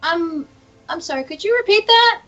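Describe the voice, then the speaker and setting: Lady voicing a nervous rambly office clerk, super high and bright. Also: lively intonation, moderate pace, lo-fi sound, heavily acted. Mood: flustered. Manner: hesitant, filler-laden. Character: flustered chatty female office clerk Stacy.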